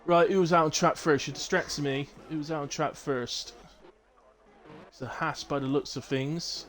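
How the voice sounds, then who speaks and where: A man's voice: a little high, steady tone, normal speed, a bit bright, slight background noise. A man in his thirties with a Bristolian accent, chatting casually as he commentates a live online sim race and reads out lap times. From Southwest England. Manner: chatty, banters with chat between calling lap times.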